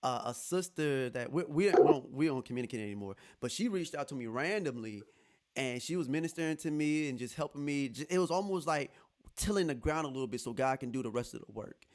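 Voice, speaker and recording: A man hosting a podcast, telling a personal story in casual chat, animated and laughing as he acts out what others said. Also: medium pitch, fairly quick. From Texas. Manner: animated, laughing, quotes others in lively voices. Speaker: podcast host.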